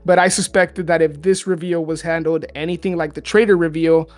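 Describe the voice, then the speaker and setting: A podcast co-host with a slightly high voice chats casually and rambles, correcting himself along the way. He speaks fairly quickly in a steady tone, in a dry recording.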